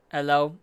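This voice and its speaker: A gaming channel host giving casual, excitable commentary at home, giggling and cutting in on themselves. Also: mid-range voice. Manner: excitable, giggly, self-interrupting. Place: home room with a fan running.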